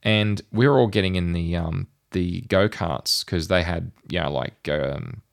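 A podcast host with a deep, gravelly voice thinks out loud at a measured pace, rambling casually and packing his sentences with fillers. The recording is close and dry.

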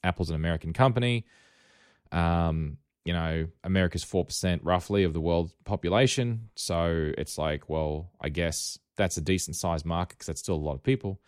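A man's voice: sits low, normal speed, clear, resonant tone, no echo, clean studio sound. A man with an Australian accent hosting a casual tech podcast, rambling and wry, often correcting himself mid-sentence. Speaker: podcast host.

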